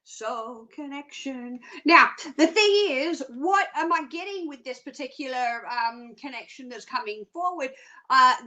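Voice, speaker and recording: A woman's voice: high-pitched, pushed and bright. A chatty, playful woman hosting a live psychic reading and humming little tunes between thoughts. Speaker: psychic reader, host.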